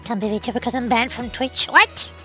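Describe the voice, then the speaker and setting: Woman, streamer, high voice, stammering, animated chat, soft background music. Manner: stammering, animated, quick to exclaim. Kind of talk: casual chat.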